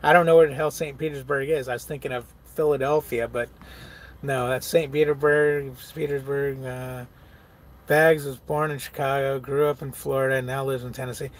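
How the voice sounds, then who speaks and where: A male truck driver with a medium-pitched, level voice chats casually on a live stream at a moderate pace. He reads viewer comments aloud and answers them, swearing freely and laughing often.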